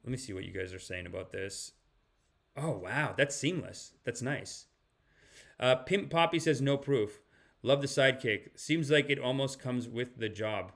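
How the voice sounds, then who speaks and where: A man's voice: mid-range voice, lively intonation, measured pace, gravelly, a bit bright. Rambling male live-stream commentator. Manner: rambling, restarts a lot, reacts to chat. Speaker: podcast host.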